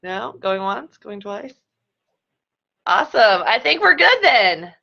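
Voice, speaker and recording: A woman's voice: medium pitch, sing-song, takes it slowly, vocal fry, pushed and bright, dull audio. A woman hosting a conference call, chatty and upbeat, thanking the speaker and inviting questions. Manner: upbeat, chatty, laughs often. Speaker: call host. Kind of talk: casual chat.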